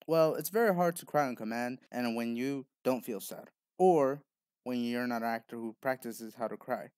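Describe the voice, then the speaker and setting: A man speaks straight into the mic in a blunt, lecturing tone, addressing the viewer as he argues his point. His pitch sits in an ordinary middle range. The recording is close and completely dry, with no room sound around him. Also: normal speed, a little mellow, no room sound. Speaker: video essayist. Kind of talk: opinionated commentary monologue.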